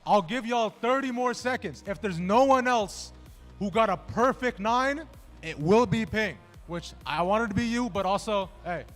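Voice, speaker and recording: A man with a high, expressive, fairly bright voice emcees a trivia game at a gaming event in a large indoor venue, speaking unhurriedly and bantering casually and jokingly with contestants. Faint music sits in the background.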